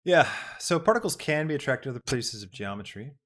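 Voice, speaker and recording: A young man hosting a live software tutorial, thinking aloud as he works with lots of ums. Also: mid-range voice, big pitch swings, brisk. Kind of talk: live-streamed casual tutorial.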